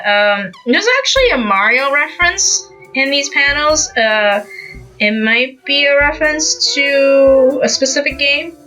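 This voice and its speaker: A woman's voice: a little high, bright, forceful tone, low-quality recording. A young woman hosting a podcast, recapping a manga in casual, rambling chat full of fillers and acted-out quotes. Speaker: podcast host.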